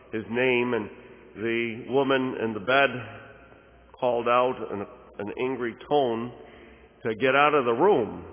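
A man preaching a sermon as a priest, telling a story at an unhurried pace with pauses and fillers. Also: mid-range voice, long reverb tail, narrow, tinny audio. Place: large church.

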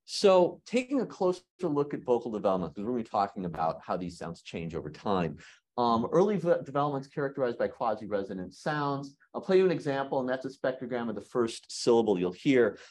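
Lively man giving an academic lecture. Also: medium pitch, brisk. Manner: lively, jokes with the audience. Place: lecture hall.

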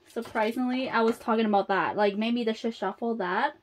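A woman chatting casually as she unboxes, excitable and gasping at each reveal, then dropping to soft murmurs in between. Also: fairly high pitch, a little fast, hardly any pauses, muffled recording. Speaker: unboxing vlogger.

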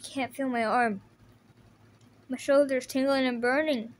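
A woman's voice: sits high, steady tone, measured pace. A woman voicing a wounded, desperate teenage boy turtle who talks in pained, breathless bursts. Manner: breathless, pained, whispering at times. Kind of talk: fan audio drama voice acting.

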